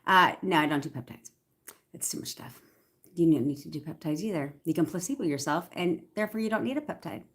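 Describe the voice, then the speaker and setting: A young woman answers viewers in a relaxed livestream. Her voice sits a little low, and she stays chatty and upbeat, repeating affirmations again and again. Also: brisk. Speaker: manifestation coach. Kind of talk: casual livestream Q&A.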